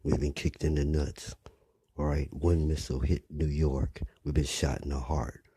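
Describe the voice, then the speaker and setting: An older man delivering a blunt, rambling monologue, often dropping to a rough whisper. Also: very deep voice, little pitch movement, normal speed, dark tone, no room sound. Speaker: commentator. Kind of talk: preachy monologue.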